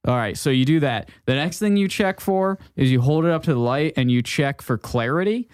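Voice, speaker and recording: A man hosting a casual podcast in an easygoing way, explaining things with chatty asides. His voice sits slightly high and sounds dry and close to the mic. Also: animated, fairly quick, darkish tone, clear, resonant tone, no room sound. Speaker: podcast host.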